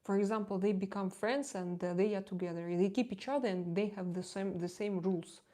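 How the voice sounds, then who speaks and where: Steady and a little fast, her mid-range voice has a dark tone. The woman, a tarot reader, chats casually on her live stream in a candid, confiding way, laughs easily, and keeps hesitating and repeating words as she looks for them.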